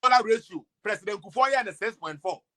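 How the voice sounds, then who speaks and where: A man with a Ghanaian accent delivering a mocking, sarcastic political rant, swinging between loud outbursts and low mutters. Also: animated, brisk. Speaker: political commentator.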